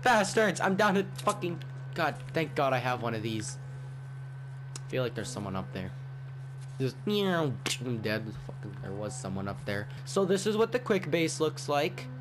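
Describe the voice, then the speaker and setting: A man giving casual gameplay commentary, rambling and swearing, with sudden loud outbursts. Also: fairly high pitch, sing-song, normal speed, background noise. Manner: profane, rambling, jumpy outbursts. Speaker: gaming YouTuber.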